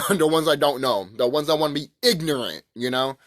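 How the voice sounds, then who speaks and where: A man's voice: fairly high pitch, fairly quick, fairly bright tone. A man ranting to camera in a rambling, profane, emphatic way about spiritual ideas. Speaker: vlogger. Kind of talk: casual spiritual rant to camera.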